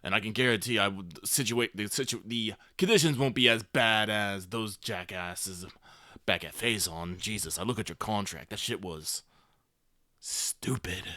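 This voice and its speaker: A man voicing a scheming male gang leader villain in a gravelly voice, delivering a smug threatening speech. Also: on the low side, moderate pace, pushed and bright, no room sound. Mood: smug menacing.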